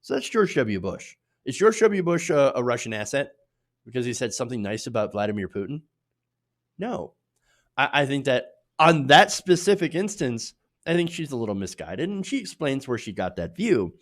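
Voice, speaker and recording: Animated opinionated male commentator. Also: medium pitch, moderate pace. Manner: animated, opinionated, filler-heavy delivery with frequent "uh" and "right?". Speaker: political commentary host. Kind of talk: political commentary.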